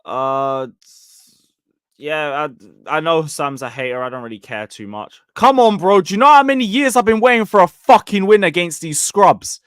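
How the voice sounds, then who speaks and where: A man's voice: a little high, animated, moderate pace, a bit bright, smooth, no echo, clean studio sound. A young man giving a blunt, sweary, rambling live review of a football match and reading viewer comments. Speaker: football fan channel host.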